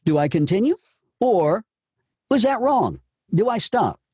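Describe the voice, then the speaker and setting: A man's voice: sits high, big pitch swings, unhurried, dark tone, husky, dry recording, studio quality. A man coaching voice actors, talking emphatically and often repeating and restarting his phrases. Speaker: voice acting coach. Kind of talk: coaching session.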